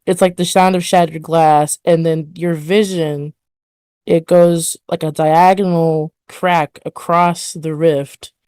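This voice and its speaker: A woman's voice: sits low, flat delivery, slow, dark tone, smooth, no room sound. A woman narrating a tabletop game as game master, describing scenes in a hesitant way full of fillers.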